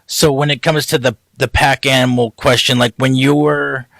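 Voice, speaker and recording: A man hosting a studio podcast, asking casual, halting questions. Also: medium pitch, flat delivery, vocal fry, a bit bright, no room sound. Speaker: podcast host. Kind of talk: podcast interview.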